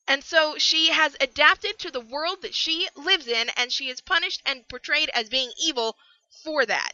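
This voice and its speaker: A young woman giving a ranting book review, animated and prone to bursts of yelling. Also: sits high, moderate pace, no room sound, muffled recording.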